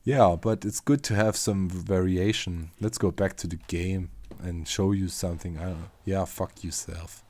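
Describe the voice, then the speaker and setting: A man's voice: deep voice, fairly even intonation, moderate pace, hardly any pauses, darkish tone, no room sound. A man with a German accent, chatting loosely on a livestream as a machinima creator, rambling and swearing casually.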